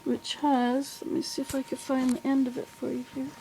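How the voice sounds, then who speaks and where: A woman's voice: high-pitched, completely flat delivery, normal speed, noisy background. An older woman giving a casual, rambling video update from home, often correcting herself. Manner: rambling, friendly, self-correcting. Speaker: vlogger. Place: home in the southern US. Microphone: plug-in computer microphone.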